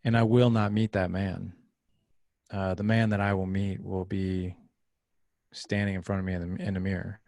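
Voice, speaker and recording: In a clean studio with no room sound, a gravelly, low-voiced man tells a story at a moderate pace. He's a podcast guest in a casual interview, animatedly acting out the voices he quotes.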